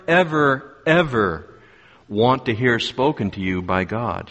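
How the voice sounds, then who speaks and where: A man preaching a sermon with a slow delivery and dramatic pauses, reading a scripture story and retelling it vividly. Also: mid-range voice, lively intonation, fairly bright tone. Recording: long hall reverb.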